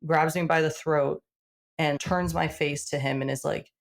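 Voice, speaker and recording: A woman guest on a podcast, casually telling a personal story in an animated way and acting out the dialogue. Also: low-pitched, normal speed, gravelly. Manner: animated, acts out quoted dialogue; frequent "like" fillers.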